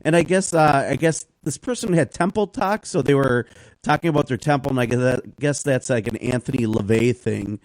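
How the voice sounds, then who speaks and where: A man chatting on a talk show, telling stories in a rambling, animated way. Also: mid-range voice, brisk, no echo, low-quality recording. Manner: rambling, animated storytelling with acted quotes. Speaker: guest. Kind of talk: casual talk show conversation.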